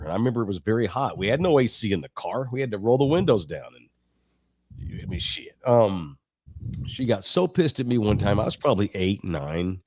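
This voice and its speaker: A middle-aged man from Texas tells stories on a sports podcast in a casual, profane way, laughing as he goes. His pitch swings widely as he talks. The sound is dry and close, with no room echo. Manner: animated, profane, laughs while telling stories. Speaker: sports radio co-host.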